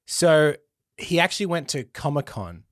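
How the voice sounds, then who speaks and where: A man's voice: on the high side, sing-song, moderate pace, dry recording. Easygoing male podcast host, dry mic. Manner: explanatory, easygoing, laughs along. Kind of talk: casual chat.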